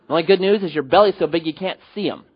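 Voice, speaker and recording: A man preaching a sermon as pastor, animated, rising to loud emphatic peaks and dropping to quiet low endings. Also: racing, husky, dull audio.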